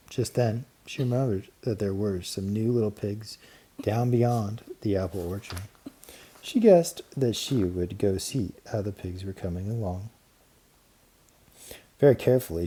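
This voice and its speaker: A man narrating a children's storybook with steady, clear storytelling and lively emphasis. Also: fairly low pitch. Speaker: audiobook narrator. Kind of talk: storybook reading.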